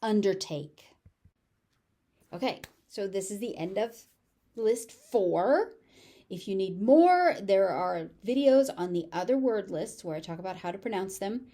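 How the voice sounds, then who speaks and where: A woman with a General American accent teaching pronunciation, repeating each word slowly and carefully. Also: medium pitch, animated, dark tone. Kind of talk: pronunciation lesson with word drills.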